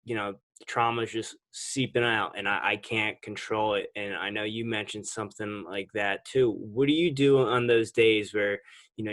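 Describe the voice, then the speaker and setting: Low-voiced man hosting a podcast. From New Jersey. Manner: relaxed, conversational, with halting restarts. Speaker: podcast host. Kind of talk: casual interview chat.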